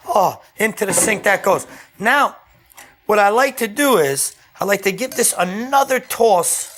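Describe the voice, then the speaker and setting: A man's voice: high voice, fairly bright tone. A man hosting a home cooking show, demonstrating a dish in a casual, chatty way and often checking in with "okay?". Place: home kitchen.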